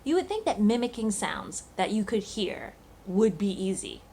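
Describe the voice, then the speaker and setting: A woman's voice: mid-range voice, big pitch swings, moderate pace, dark tone, slight background noise. A woman talking casually to camera in a vlog, thinking aloud with lots of fillers and restarts. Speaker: cooking channel host.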